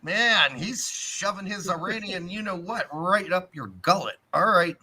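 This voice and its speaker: A man's voice: sits high, a little slow, pushed and bright, husky. A man co-hosting a casual sports podcast, ranting with lots of profanity. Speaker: podcast co-host.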